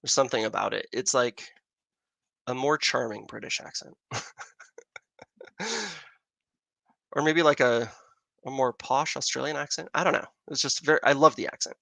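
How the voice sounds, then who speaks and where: Here an American stargazer hosts a relaxed livestream outside in Arizona, telescope at hand, meandering as he responds to viewer questions. His mid-range voice is animated yet measured, creaky and bright with a forceful tone and long pauses. No room sound is audible.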